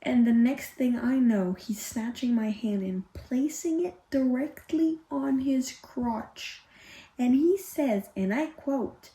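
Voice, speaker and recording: A woman's voice: high-pitched, slow, roomy sound. A young woman, not a native English speaker, ranting casually about a book she is reading. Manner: exasperated, swearing, animated retelling. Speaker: book vlogger.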